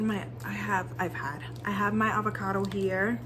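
A woman's voice: mid-range voice, flat delivery, moderate pace, background noise. A woman chatting casually in a cooking vlog, rambling with lots of fillers while she makes food at home. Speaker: vlogger.

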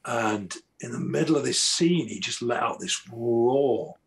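Animated storytelling man. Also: medium pitch, unhurried. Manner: animated storyteller, acts out quoted exchanges. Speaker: actor guest. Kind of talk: casual interview chat.

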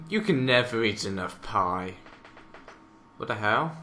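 A man's voice: on the low side, animated, unhurried, long pauses, bright, forceful tone. A man giving sarcastic, mocking reaction commentary while watching a cartoon, swearing often. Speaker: reaction video maker.

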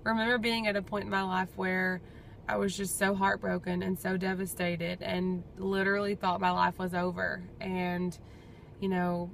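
A woman's voice: lowish voice, level tone, moderate pace, creaky, a little hiss or hum. A young woman, talking through a casual personal update vlog in a chatty, rambling, heartfelt way. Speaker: vlogger.

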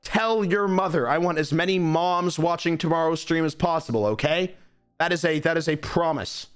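Slightly high-voiced young male streamer. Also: steady tone, normal speed, clear, resonant tone. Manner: playful, rambling. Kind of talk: casual chat.

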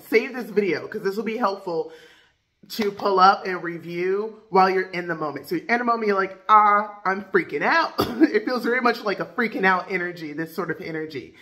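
A woman's voice: on the low side, a bit bright. A woman life coach giving casual, chatty advice with lots of fillers. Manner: loose, filler-heavy, chatty.

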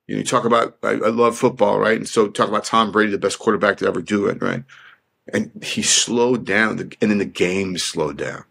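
A man's voice: lowish voice, steady tone, fairly quick, vocal fry, fairly bright tone, husky. A man who is an actor, talking earnestly in an interview and repeating phrases like a pep talk to himself. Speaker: actor, podcast guest.

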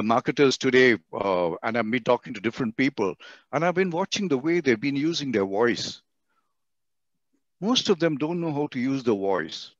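A man with an Indian English accent giving a webinar lecture on communication, swinging his voice high and low to show his points. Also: fairly bright tone, no echo. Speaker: guest speaker on communication. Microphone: computer mic on a video call. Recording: dry, dull webinar audio.

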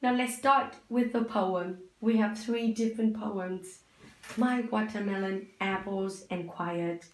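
Slow, patient woman teaching children. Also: medium pitch, steady tone. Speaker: English teacher. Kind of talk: children's English lesson. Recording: echoey room, faint noise.

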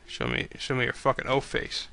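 A man's voice: mid-range voice, sing-song, fairly quick, creaky, bright, forceful tone. A man commentating on a video game he is playing, swearing constantly and griping sarcastically at the characters. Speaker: let's play commentator.

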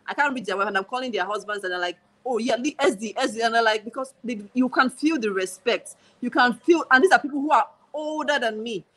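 Nigerian lady guest, bright clear voice, repeats herself for emphasis, chatty interview. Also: fairly high pitch, rough recording. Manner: emphatic, repeats phrases, frequent laughs. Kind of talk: casual interview conversation.

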